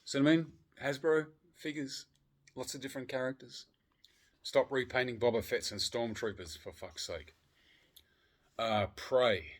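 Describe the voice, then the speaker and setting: A man chatting casually on a vlog, excitable and profane, swinging between loud outbursts and low muttering. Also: measured pace. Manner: swears freely. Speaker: vlogger. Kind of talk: casual chat.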